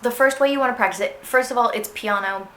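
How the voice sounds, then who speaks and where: A woman's voice: on the high side, fast talker, pushed and bright. Young woman, clarinet teacher, casual and chatty, sings phrases aloud; roomy echo, faint background noise. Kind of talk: instructional music lesson. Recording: echoey room with faint noise.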